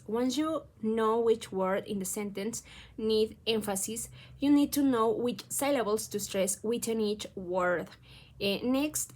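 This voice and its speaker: Woman, fairly high voice, steady reading with slips. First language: Spanish. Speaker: student presenter. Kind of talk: reading a prepared explanation.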